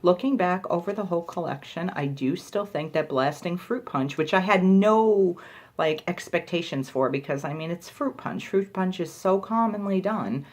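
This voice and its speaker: A woman's voice: on the low side, normal speed. A woman talking casually in a product review vlog, chatty and full of filler words.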